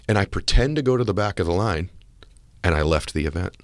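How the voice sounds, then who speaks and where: A middle-aged American man hosting a podcast interview, telling a story in an earnest, animated way. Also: low-pitched, fairly quick, no echo. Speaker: podcast host. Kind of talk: conversational interview.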